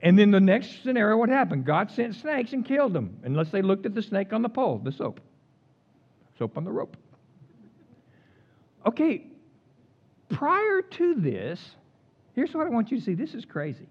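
A man's voice: high-pitched, normal speed, pauses often, lo-fi sound. A man preaching a sermon, joking with the congregation and reading scripture aloud with dramatic voices for complaining crowds. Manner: animated, jokey, reads scripture aloud acting out the complainers. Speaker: pastor.

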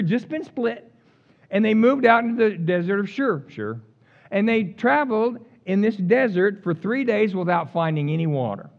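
Joking with his congregation, a male pastor reads scripture aloud and gives the complaining crowds dramatic voices. His delivery is animated and playful, his voice is high, and the audio's upper frequencies are cut off.

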